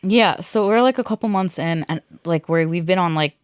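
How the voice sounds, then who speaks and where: A woman's voice: on the low side, moderate pace, clean tone, dry recording, clean studio sound. A woman in her twenties hosting a podcast, telling a dating story in casual chat and acting out the people she quotes. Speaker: podcast host.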